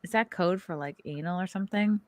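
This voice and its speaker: A woman's voice: fairly low pitch, a little fast, dry recording. Woman, podcast host, playful, casual chat, dry close sound. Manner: playful, reads chat messages aloud.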